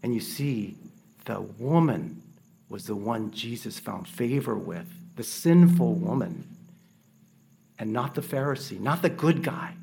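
A man preaching a sermon in an earnest, measured way, asking rhetorical questions. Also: medium pitch, lively intonation, creaky, dark tone, a little hiss or hum.

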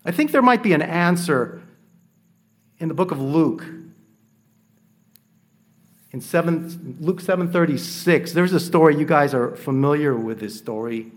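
This sermon comes from a man whose voice is fairly high and gravelly. He speaks earnestly and at a measured pace, asking rhetorical questions along the way.

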